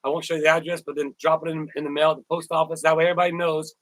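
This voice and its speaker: A man's voice: a little high, flat delivery, rapid-fire, a bit bright, no echo, poor audio. A man hosting a casual live stream, rambling, repeating words and thanking viewers by name. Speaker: YouTuber live-stream host.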